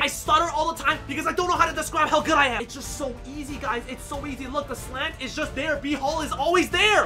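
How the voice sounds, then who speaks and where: A fast-talking gameplay streamer rattles off hyped commentary, bragging and chanting catchphrases between bursts of yelling. Game music plays clearly underneath the voice. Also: high voice, animated. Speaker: gaming streamer.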